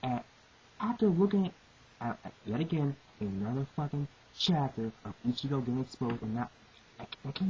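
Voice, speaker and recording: A woman with a low, dark voice rants through exasperated commentary, swearing and circling back to the same complaints again and again. The recording is muffled and lo-fi, with a steady hiss underneath. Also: fairly quick. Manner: profane, repetitive, exasperated ranting. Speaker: manga reviewer. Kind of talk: ranting commentary.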